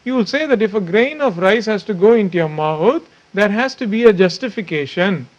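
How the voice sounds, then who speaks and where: A man with a high-pitched voice recounts a memory of his spiritual teacher. He talks in a self-deprecating way and often repeats his words as he goes. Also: animated, brisk, highs cut off. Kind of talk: spiritual anecdote.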